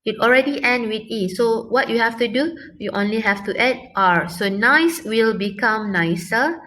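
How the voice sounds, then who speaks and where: A young woman teaches a recorded English grammar lesson, patiently repeating key words slowly and often pausing with fillers. Her voice is on the high side with a sharp tone, and a little hiss or hum is audible.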